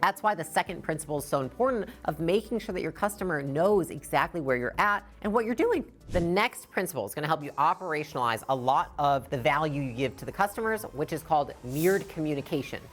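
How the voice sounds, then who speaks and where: A woman's voice: sits low, expressive, fast, few pauses, soft background music. A woman in her thirties giving blunt, emphatic business advice, swearing freely as she talks. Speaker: business educator. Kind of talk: direct business talk to camera.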